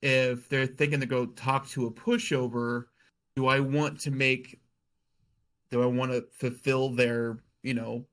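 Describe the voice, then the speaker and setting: A man's voice: mid-range voice, level tone, a little slow, a bit bright. A man on a podcast talking casually as a guest game master, often restarting his sentences as he thinks aloud.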